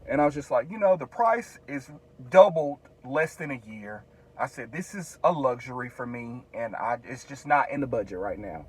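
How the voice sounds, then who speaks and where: Husky-voiced man telling a story casually. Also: mid-range voice, expressive, normal speed. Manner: chatty, retells conversations with many fillers. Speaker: vlogger.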